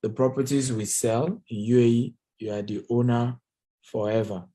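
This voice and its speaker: A man's voice: mid-range voice, fairly even intonation, moderate pace, warm tone. A man hosting a live investment training, talking straight to his viewers, emphatic and repetitive as he answers their comments.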